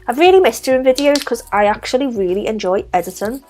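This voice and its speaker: A woman's voice: a little high, expressive, fairly quick, a little mellow, soft background music. A young woman with a Liverpool Scouse accent, talking through a makeup tutorial step by step with chatty, self-deprecating asides. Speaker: makeup vlogger. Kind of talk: casual makeup tutorial narration.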